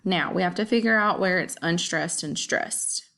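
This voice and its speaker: A woman teaching a lesson, explaining step by step and counting out syllables deliberately. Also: fairly low pitch, vocal fry, sharp tone. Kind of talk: classroom explanation.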